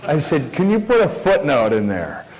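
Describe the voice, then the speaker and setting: A man's voice: on the high side, normal speed. Man telling a story in an echoing hall. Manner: animated, self-mocking, rambling with asides. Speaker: speaker telling a story to an audience. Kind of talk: live storytelling talk. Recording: hall reverb with faint hiss.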